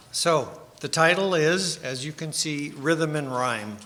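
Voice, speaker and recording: A man giving a sermon with slides, unhurried and self-deprecating, with small restarts. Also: a little high, bright, forceful tone. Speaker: speaker giving a split sermon. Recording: long hall reverb.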